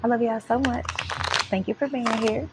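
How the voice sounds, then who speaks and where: A woman's voice: on the high side, fairly even intonation, moderate pace, heavy background noise. Chatty woman giving a tarot reading. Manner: chatty, playful, laughs often, affirming. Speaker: tarot reader. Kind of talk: casual tarot reading to camera.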